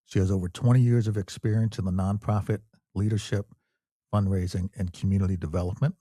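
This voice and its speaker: A male podcast host speaks in a very low, husky voice. He keeps the chat easygoing and folksy, dropping fillers as he goes. The sound is close and dry. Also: flat delivery, fairly quick, mellow, no echo. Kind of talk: casual interview chat.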